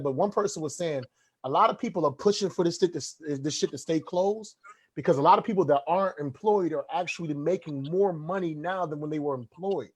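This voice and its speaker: A man hosting a casual podcast, talking in a profane, animated way. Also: fairly high pitch, husky. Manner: fast, profane, animated storytelling. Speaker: podcast host.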